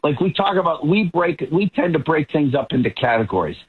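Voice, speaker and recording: A man's voice: fairly high pitch, animated, brisk, husky, phone-quality sound. A man from the Boston area giving emphatic political commentary as a talk show guest, often repeating words as he builds a point. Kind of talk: talk show panel discussion.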